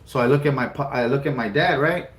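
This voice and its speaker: A man's voice: mid-range voice, fast talker. A man co-hosting a casual chat, telling a story animatedly, acting out the voices of others and swearing freely. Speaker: co-host. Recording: roomy with faint background noise.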